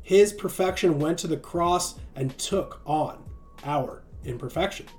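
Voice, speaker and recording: A man's voice: a little high, unhurried, faint music behind. A man giving an earnest sermon on a livestream and often checking in with the listener by asking "right?". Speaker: streaming preacher.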